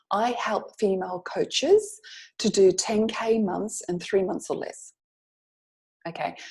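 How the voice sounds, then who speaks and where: A woman's voice: medium pitch, dark tone. A middle-aged woman business coach teaching a lesson to camera, encouraging and checking in often with "okay?".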